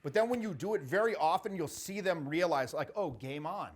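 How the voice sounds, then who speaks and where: A man in his forties coaching people on social skills, with a fairly high voice for a man. He talks bluntly and jokes as he tells stories, swearing freely as he goes. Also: animated, fairly quick. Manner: blunt, profane, jokey storytelling. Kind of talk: casual coaching talk.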